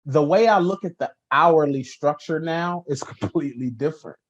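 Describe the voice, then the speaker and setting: Colloquial man, slightly high voice. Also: normal speed. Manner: loose, colloquial, acts out little voices in his anecdotes. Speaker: podcast host. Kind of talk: casual interview chat. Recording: dull lo-fi audio.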